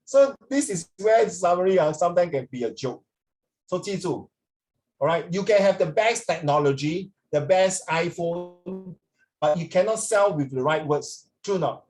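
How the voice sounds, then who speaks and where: Chatty Singaporean man teaching, higher voice. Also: expressive, normal speed, darkish tone, low-quality recording. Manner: chatty, switches between English and Mandarin, asks students for agreement. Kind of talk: casual classroom talk to students.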